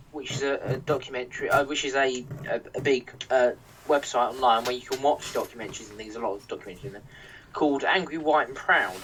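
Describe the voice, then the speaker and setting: In a mid-range, fairly bright voice, a young English podcast host goes on a heated, casual rant, swearing and restarting his sentences repeatedly. The audio comes from a distant mic with faint noise.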